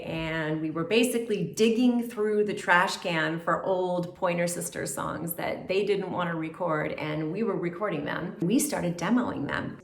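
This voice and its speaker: A woman telling her career story in a casual, animated way with chatty fillers. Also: lowish voice. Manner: animated, acts out quoted voices, chatty fillers. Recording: roomy echo.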